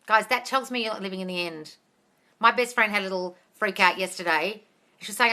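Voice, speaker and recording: A bright, crisp woman's voice, talking into a phone or webcam on a casual live stream. She reads out viewers' comments and answers them bluntly, sprinkling in swear words and calling everyone darling. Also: mid-range voice, animated, brisk. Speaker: manifestation coach answering live questions.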